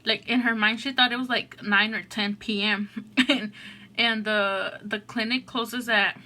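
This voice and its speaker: She speaks a little slowly with a fairly high, bright voice that stays fairly even in intonation yet sounds forceful. As host of an eating show, she rambles through a story, leaning heavily on "like" and "oh my gosh."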